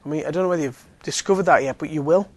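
A man's voice: fairly high pitch, racing. Chatty man giving a faith talk. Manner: conversational, many fillers, joking asides. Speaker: Alpha course speaker. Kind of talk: evangelistic talk.

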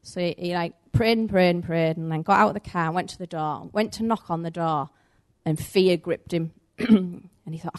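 Woman preacher, conversational church talk that slips into acting out the people in her story. Medium pitch, lively and chatty. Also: moderate pace. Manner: animated, conversational, acts out the story's voices. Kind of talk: sermon with storytelling.

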